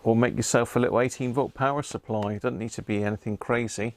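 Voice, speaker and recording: Here a man with a mid-range voice speaks quickly and steadily in a dry recording. He's the host of a casual radio-hobby stream, loosely answering people from the chat and restarting himself as he reads their comments aloud.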